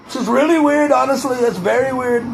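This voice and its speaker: A man's voice: extremely high pitch, brisk, vocal fry, slight background noise, voice pushed up, poor audio. A man doing a loose impression of a boastful male politician, rambling and repeating himself. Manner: rambling, repeats "I tell you".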